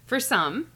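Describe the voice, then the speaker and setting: A woman's voice: high voice, sharp tone. A woman co-hosting a casual podcast, chatting and explaining things she read with lots of hedges and laughs. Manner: chatty, hedging, laughs often while explaining research. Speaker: podcast co-host.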